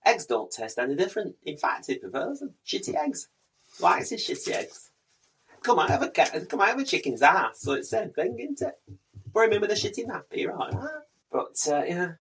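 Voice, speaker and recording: Jokey northern english bloke. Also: male voice, high-pitched, sing-song, brisk, creaky, a bit bright, a little hiss or hum. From Northern England. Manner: jokey, teasing, playful. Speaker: podcast co-host. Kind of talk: casual comedy banter.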